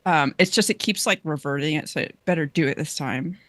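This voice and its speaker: A podcast host on a video call, chatting casually in a relaxed, conversational way. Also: mid-range voice, a little fast, no echo. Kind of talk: casual chat.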